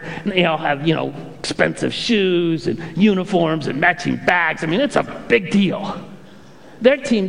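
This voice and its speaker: A male pastor preaching a sermon with animated storytelling and playful impressions. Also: high voice, vocal fry, in a large hall.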